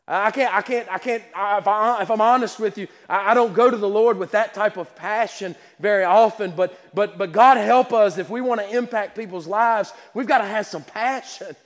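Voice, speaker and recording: A man preaching a sermon with passion, repeating words and restarting his sentences. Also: high-pitched. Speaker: pastor. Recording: long hall reverb.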